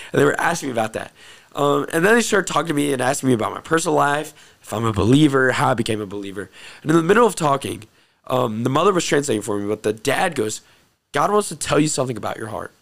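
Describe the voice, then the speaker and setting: A young man earnestly telling a personal testimony story, excitable and repeating phrases for emphasis. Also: medium pitch, fast talker, vocal fry. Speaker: host telling his testimony.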